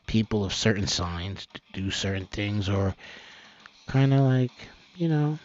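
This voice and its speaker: A man hosting a homemade news commentary show, rambling, swearing and laughing, with his voice swinging from low mumbles up to loud outbursts. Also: expressive, a little slow, highs cut off, soft background music. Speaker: host of an amateur online news show.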